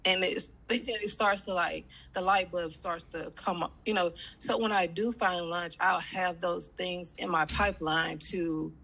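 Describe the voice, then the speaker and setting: A woman's voice: on the low side, steady tone, a little slow, creaky, few pauses, sharp tone. A woman with a slight cold, talking in a rambling way with many fillers as a student on a video call. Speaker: student in a coaching class. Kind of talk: casual chat.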